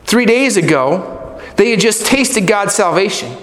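Middle-aged guy preaching, really high voice, big echoey church hall. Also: unhurried, a little hiss or hum. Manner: animated, acts out people and God in quoted voices. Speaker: pastor. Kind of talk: sermon. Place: church sanctuary. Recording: echoey hall with long reverb.

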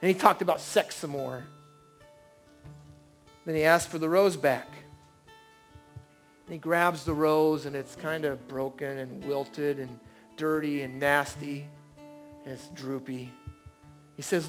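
High-voiced pastor preaching earnestly. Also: male voice, steady tone, slow, long pauses. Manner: earnest, swings from quiet to emphatic. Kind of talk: sermon. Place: church service. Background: faint band guitar.

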